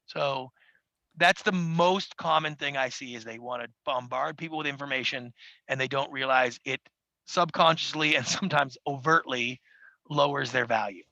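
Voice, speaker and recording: Podcast guest, male, gravelly and bright, dry studio sound, acts out quotes. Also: mid-range voice, dry recording, rough recording. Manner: acts out quoted people in quick voices. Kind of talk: animated interview talk. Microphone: studio mic.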